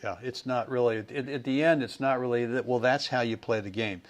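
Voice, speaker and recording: Male podcast host, middle pitch, chatty storyteller, casual conversational delivery. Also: a little fast. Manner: chatty storyteller, repeats words, animated when quoting.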